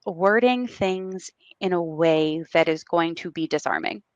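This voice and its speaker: Gravelly low-voiced woman, reflective guest. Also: no echo, highs cut off. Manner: reflective and measured, with frequent ums. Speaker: claims executive guest. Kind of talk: podcast interview answers.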